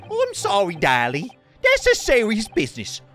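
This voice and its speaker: A man voicing a gruff prison governor in a high, overdone mock-Scottish accent, reading game dialogue for a let's play. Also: huge pitch swings, normal speed, fairly bright tone, faint music behind, full character voice. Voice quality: high, exaggerated put-on voice. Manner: hammy, overdone.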